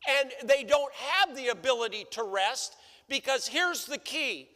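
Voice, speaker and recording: Male pastor, very high bright voice, unhurried sermon delivery, long church reverb. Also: expressive. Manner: preaching with repeated rhetorical questions. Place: church sanctuary.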